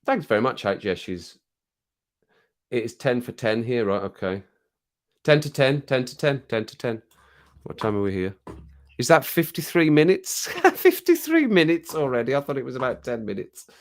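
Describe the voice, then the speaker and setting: A man's voice: mid-range voice, lively intonation, moderate pace, long pauses. A middle-aged man from England hosting a casual live chat, reading out comments, laughing often and baby-talking to his cat at home. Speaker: livestream host.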